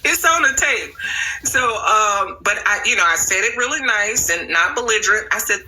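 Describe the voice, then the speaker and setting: A woman with a very bright, sharp voice chats loosely to her livestream audience. She tells stories in a relaxed, slangy way and swears without a second thought. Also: mid-range voice, normal speed, slight background noise, rough recording. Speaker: livestream host. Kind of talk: casual livestream storytelling.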